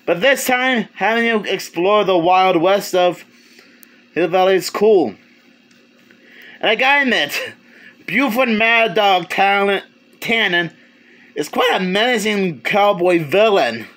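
Male reviewer, high pitched voice, loose halting delivery, casual video review. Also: animated, fairly bright tone. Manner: rambling, halting, many restarts, chuckles. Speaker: movie reviewer.

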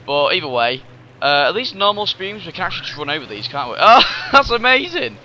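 A man narrating his own video game playthrough, rambling and excitable, full of fillers and sudden bursts of surprise. His voice sits a bit high with a very bright, sharp edge. The recording is dull and lo-fi, with faint game music behind him. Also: quick pace, slight background noise. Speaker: let's play host.

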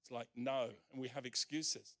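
A man's voice: on the high side, lively intonation, normal speed, bright, forceful tone. A male pastor preaching emphatically at a church service, acting out the scripture quotes he reads. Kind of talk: sermon.

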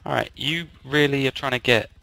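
A man voicing a hostage negotiator in online game role-play, calm, dry and commanding. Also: mid-range voice, a little fast, gravelly.

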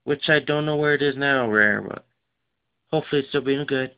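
A tired man rambling casually through his game collection, with lots of fillers and rushed asides. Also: mid-range voice, smooth. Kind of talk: casual unscripted show-and-tell. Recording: dull lo-fi recording.

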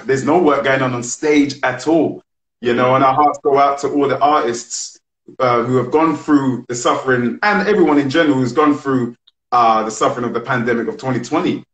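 Male host, mid-pitched, eager and talkative, roomy echo on the voice. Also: a little fast, a bit bright. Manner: enthusiastic, chatty, friendly. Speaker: interview host. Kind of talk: casual interview. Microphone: live video call. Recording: roomy echoey room sound.

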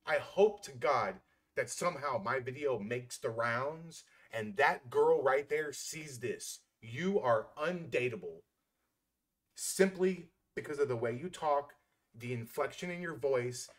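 A man's voice: medium pitch, unhurried. A man giving heated reaction commentary, blunt and scornful, swearing freely as he mocks the clip.

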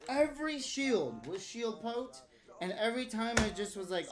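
A woman's voice: fairly high pitch, very animated, normal speed. A woman streaming a game, giving live commentary as a profane, frustrated rant. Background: game music.

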